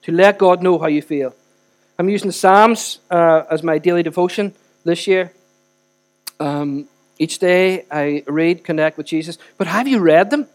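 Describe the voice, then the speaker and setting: High-voiced preacher. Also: male voice, measured pace. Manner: earnest, emphatic, swings between loud and soft. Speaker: pastor. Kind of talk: sermon.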